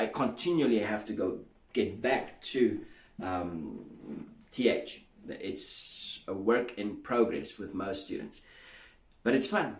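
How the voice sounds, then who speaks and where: Slow-talking man teaching pronunciation. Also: lowish voice, roomy sound. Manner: drills sounds aloud, repeating them in bursts. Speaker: English teacher. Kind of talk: spoken pronunciation lesson.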